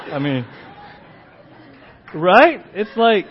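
Lively male preacher, lo-fi sound. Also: fairly high pitch, moderate pace. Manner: engaging, asks "right?" often, dramatic emphasis. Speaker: pastor. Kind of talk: sermon. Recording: dull lo-fi church audio.

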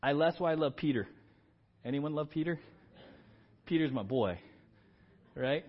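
Animated middle-aged pastor preaching, muffled audio. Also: male voice, a little high, measured pace. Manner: animated, rising to emphatic exclamations. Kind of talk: sermon. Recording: dull lo-fi sermon audio.

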